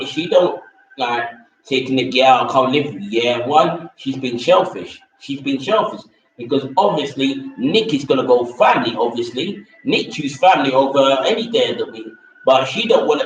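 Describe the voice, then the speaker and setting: A man's voice: medium pitch, slight background noise. A man in casual, opinionated chat, rambling and repeating himself as he gives blunt views. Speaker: vlogger reviewing a reality show. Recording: echoey, distant, dull lo-fi room sound.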